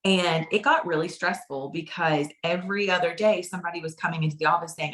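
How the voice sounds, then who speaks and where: A woman's voice: lowish voice, steady tone, fast talker, few pauses, a bit bright. A woman consultant telling her personal story in a casual, chatty way, often repeating phrases for emphasis. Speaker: direct sales consultant.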